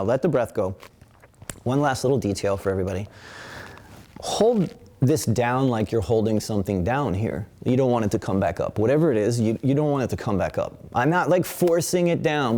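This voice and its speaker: A man teaching qigong in a webinar, calmly counting breaths aloud and asking rhetorical questions. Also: medium pitch, moderate pace. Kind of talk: guided qigong instruction. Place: indoor studio with camera. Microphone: webinar camera mic.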